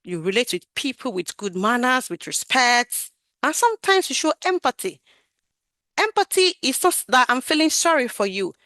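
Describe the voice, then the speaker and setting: A woman gives an animated, emphatic talk over a video call about growing her career as a QA tester, raising and lowering her voice for emphasis. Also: normal speed, no room sound. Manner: animated, emphatic, varies her loudness and projection. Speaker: QA tester sharing career story. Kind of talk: talk on a webinar.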